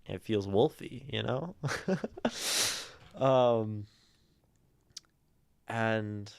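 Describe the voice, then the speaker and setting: Casual male streamer, slow and clear, rambling poetry breakdown on a close, dry mic. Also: fairly low pitch, no room sound. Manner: relaxed and rambling, with many fillers and sounds voiced aloud. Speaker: streamer reading poetry from chat. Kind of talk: casual analysis of poetry on a livestream.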